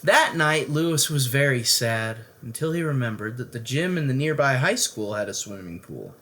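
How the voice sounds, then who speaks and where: A storyteller reading a bedtime picture book aloud with an expressive delivery. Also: mid-range voice, normal speed.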